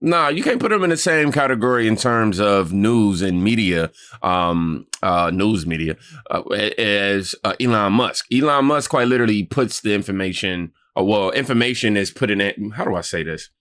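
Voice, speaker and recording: A man hosting a news reaction video, sarcastic and animated, laughing often as he comments on clips. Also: on the low side, moderate pace.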